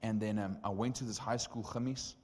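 A young man preaching a testimony sermon, telling stories with lively acted-out dialogue. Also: lowish voice, brisk, breathy edge. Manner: animated, acts out dialogue in stories. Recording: long reverb of a hall.

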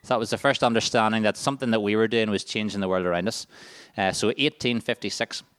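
A man's voice: on the low side, fairly even intonation, quick pace, fairly bright tone, smooth, dry recording. A man leading a charity workshop, quizzing a youth group and reading out the answer options. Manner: upbeat quizmaster, reading out multiple-choice answers. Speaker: workshop leader. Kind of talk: interactive quiz with a youth group.

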